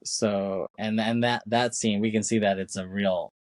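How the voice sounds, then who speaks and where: A man's voice: on the low side, steady tone, measured pace, no echo. A man co-hosting a podcast, retelling a film's scenes in a rambling casual way, with many fillers and acted-out quotes. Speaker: podcast co-host. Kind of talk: casual film recap chat.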